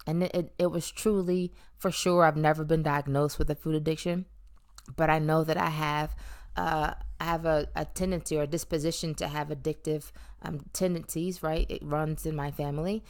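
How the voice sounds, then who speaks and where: A woman's voice: low-pitched, flat delivery, normal speed, darkish tone. A woman in her thirties telling her own story in a candid, reflective way, with playful emphasis and frequent ums. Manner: reflective and conversational, with playful emphasis and many um fillers. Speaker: vlogger sharing her weight-loss story. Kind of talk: candid personal monologue.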